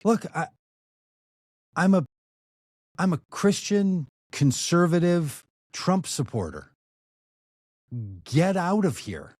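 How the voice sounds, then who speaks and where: A man voicing an agitated middle-aged restaurant owner who barks gruff, demanding questions in a raised voice. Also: sits high, expressive, fast, hardly any pauses, warm tone, no echo, studio quality, voice pushed up, exaggerated voice.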